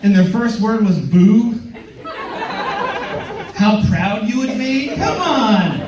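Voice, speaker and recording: Male stand-up, high-pitched and animated, stammering crowd-work style; roomy, distant club recording. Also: takes it slowly, highs cut off. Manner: rambling, stammering restarts, playful crowd banter. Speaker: stand-up comedian headlining. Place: comedy club stage. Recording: roomy club sound from far off.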